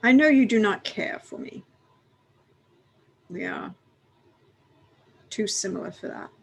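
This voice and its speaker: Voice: mid-range voice, lively intonation, slow pace, vocal fry, breathy edge, exaggerated voice, poor audio. A tabletop player voicing a stern elven hunter in character, speaking formally and bluntly. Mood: measured. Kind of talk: in-character tabletop role-play.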